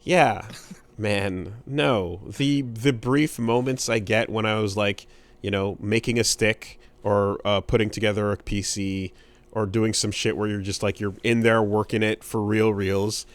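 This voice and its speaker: A man's voice: fairly low pitch, fairly even intonation, a little slow. A young adult man co-hosting a podcast in casual chat, dry and blunt, swearing freely. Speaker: podcast co-host. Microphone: studio podcast mic.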